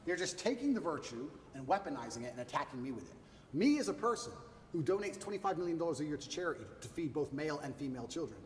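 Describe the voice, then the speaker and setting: A man's voice: on the high side, big pitch swings, quick pace, reverberant, in a large hall, recorded from a distance, a little hiss or hum. A man giving an interview, boastful and emphatic, hammering his points in short repeated lists. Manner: emphatic, repetitive punchy lists. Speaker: interview guest.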